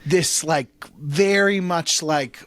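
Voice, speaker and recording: A man's voice: a little high, slow, a bit bright, no echo. A man in his thirties hosting a comedy podcast, ranting with exasperated sarcasm and swearing. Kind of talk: casual comedic chat.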